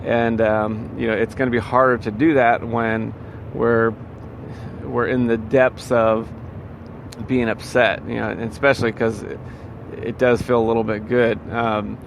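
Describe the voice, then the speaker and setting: A man's voice: medium pitch, flat delivery, a little slow, creaky, a little hiss or hum. A man in a casual motivational monologue, rambling and full of fillers and restarts. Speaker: vlogger giving life advice.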